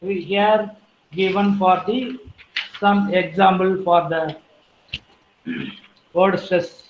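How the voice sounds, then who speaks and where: A woman giving an academic lecture, listing terms one by one and clearing her throat now and then. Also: fairly low pitch, fairly even intonation, very slow, echoey room, dull audio, slight background noise.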